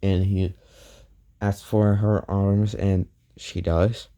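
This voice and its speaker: Slow deep-voiced man telling a story. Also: flat delivery, dark tone. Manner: halting, many restarts and "goes like". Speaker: fan fiction storyteller. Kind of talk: unscripted story retelling.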